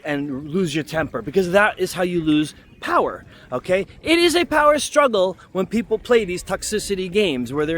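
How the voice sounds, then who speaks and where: High-voiced man giving emphatic advice. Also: fairly bright tone. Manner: emphatic, conversational, repeats points with "okay?". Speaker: leadership channel host. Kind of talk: casual talking-to-camera advice.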